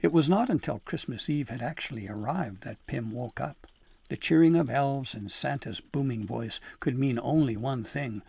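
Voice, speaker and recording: Gravelly-voiced male storybook narrator. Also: medium pitch, no room sound. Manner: measured, expressive reading. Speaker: audiobook narrator.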